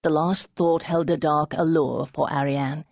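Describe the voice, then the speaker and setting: A woman audiobook narrator reading a novel in measured, expressive scripted narration. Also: deep voice, no echo, studio quality.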